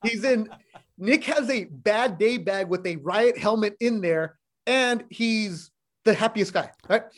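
A man's voice: high-pitched, slow pace. A middle-aged man, a sports broadcaster, chatting as a podcast guest, telling stories bluntly and with animation, swearing now and then. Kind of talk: casual chat.

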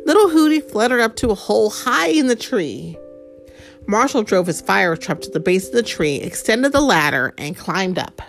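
A woman reads a picture book aloud to a young listener, her voice rising and falling in a lively, animated way. She talks gently and explains words as she goes. Her pitch sits in a middle range. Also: normal speed, creaky, soft background music. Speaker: storyteller.

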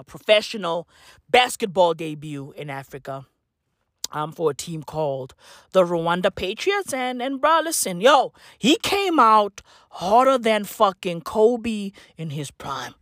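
Woman ranting for laughs, slow and drawn out, keeps repeating herself, dry close sound. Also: medium pitch, dry recording. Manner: ranting, repetitive, laughs at own jokes. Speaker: comedian. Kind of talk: profane comic rant.

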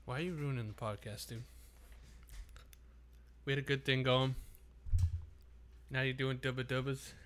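A man with a bright, forward voice trades easygoing, profane banter as a podcast co-host. He sounds laid-back, shrugs off jabs, and keeps calling his partner dude. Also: mid-range voice, fairly even intonation, moderate pace, long pauses, a little hiss or hum. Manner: laid-back, defensive, swears casually, calls people dude.

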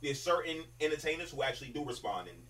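A man co-hosting a casual podcast, talking fast in quick bursts of opinion and emphatic asides. He sits a bit away from the microphone, so his voice sounds slightly distant. He has a mid-range voice. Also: on the high side, lively intonation, fairly bright tone. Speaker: podcast co-host. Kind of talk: casual chat.

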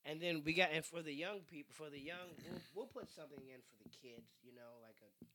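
A man's voice: on the high side, a little fast, crowd noise. A man joking around as a podcast guest, laughing often and poking fun at himself. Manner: jokey, self-mocking, laughs often. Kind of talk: casual joking chat.

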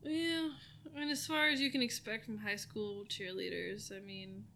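A woman co-hosting a casual rewatch podcast, relaxed and hesitant with fillers. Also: mid-range voice, moderate pace, vocal fry, a little hiss or hum. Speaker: podcast co-host.

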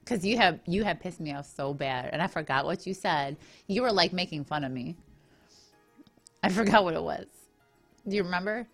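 A woman's voice: fairly low pitch, lively intonation, normal speed, faint music behind. A woman co-hosting a radio show, chatting and teasing in a casual way. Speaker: radio co-host.

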